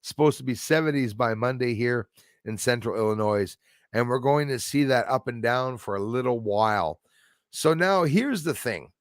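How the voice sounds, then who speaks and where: A man's voice: medium pitch, lively intonation, normal speed, no echo, studio quality. A man hosting a casual livestream, chatting with viewers by name and often stumbling over his words. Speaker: livestream host reading chat.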